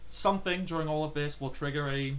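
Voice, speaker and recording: Chatty male game master, bright voice. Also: fairly high pitch, quick pace, faint music behind. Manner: chatty, laughs often, many fillers. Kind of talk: narrating a tabletop game.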